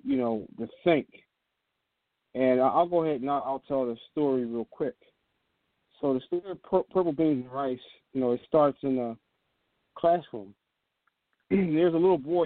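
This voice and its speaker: An older man hosting a Christian talk show, telling a story in a relaxed way with many fillers, over a phone line. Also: a little high, no echo. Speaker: host.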